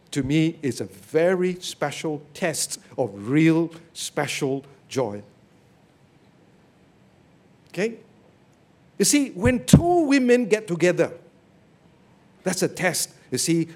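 Preaching on a Bible text, a man whose voice sits a little high tells stories energetically. "Okay?" and "you see" come up again and again as he checks in with the audience.

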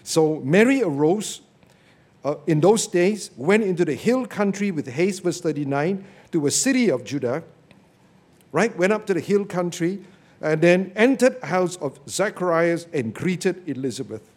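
This man delivers a sermon on a Bible passage in a high, slightly rough voice at normal speed. His storytelling is animated, and he often checks in with "okay?" and "you see".

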